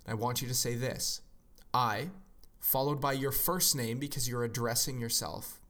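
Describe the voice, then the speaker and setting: A man speaks at a middle pitch, giving an earnest, encouraging motivational talk. He often slips into the voices of the people he describes, then returns to his plain delivery. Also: fairly even intonation, normal speed, a bit bright. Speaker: self-help speaker.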